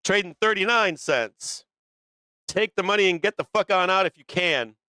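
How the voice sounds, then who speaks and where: A man's voice: high voice, lively intonation, normal speed, sharp tone, clean tone, no room sound. A man hosting a live stock market stream, calling trades in a brash, profane, laughing way. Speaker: stock market livestream host. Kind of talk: profane live trading commentary.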